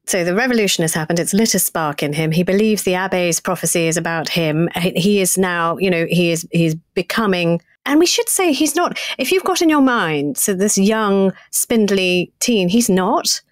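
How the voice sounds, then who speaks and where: A woman's voice: lowish voice, normal speed, hardly any pauses, no echo, clean studio sound. A woman co-hosting a history podcast, chatting conversationally and putting questions to her co-host. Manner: conversational, asks questions, lively. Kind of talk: casual history chat.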